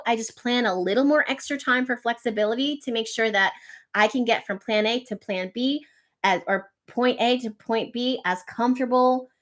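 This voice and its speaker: Young woman, astrology livestream host, casual chat, reads out comments. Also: on the high side. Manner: chatty, reads out viewer comments. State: out of breath, wheezing.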